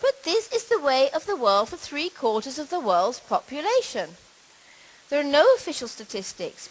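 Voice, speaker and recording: A middle-aged woman, giving a measured, explanatory conference talk on language, with the odd restart. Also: on the high side, slight background noise, low-quality recording. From Britain. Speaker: lecturer.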